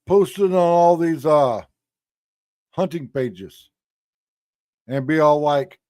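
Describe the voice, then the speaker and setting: A man's voice: a little high, slow, long pauses, warm tone, no room sound, clean studio sound. A man ranting on a live stream in a crude, blunt and angry way. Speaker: streamer commenting on clips. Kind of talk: profane live-stream rant.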